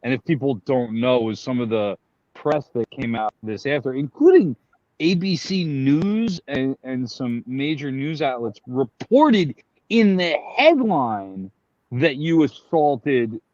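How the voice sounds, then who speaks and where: A man's voice: medium pitch, animated, takes it slowly, a little mellow, dry recording. A man co-hosting a panel talk, speaking emphatically and with indignation. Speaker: co-host. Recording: dry, dull lo-fi sound.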